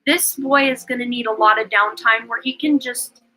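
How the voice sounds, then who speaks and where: A woman's voice: a little high, fairly even intonation, moderate pace, sharp tone, poor audio. A woman hosting a live-streamed tarot reading, talking in an effusive, chatty way with lots of "like" and "um" fillers. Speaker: tarot reader and livestream host.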